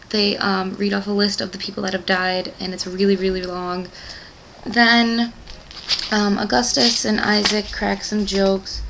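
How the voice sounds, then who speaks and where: Young woman vlogger, a gravelly book-club fan, rambling and gushy, for casual chat. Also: medium pitch, background noise. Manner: rambling, chatty, heavy on "like" and "um"; gushing fan enthusiasm.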